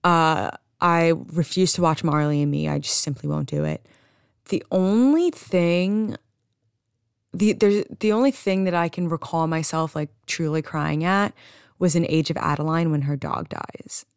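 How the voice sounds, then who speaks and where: Low gravelly young woman, chatty podcast host. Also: fairly even intonation, unhurried, no room sound, clean studio sound. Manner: chatty storytelling, swearing, frequent restarts. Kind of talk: casual solo podcast chat.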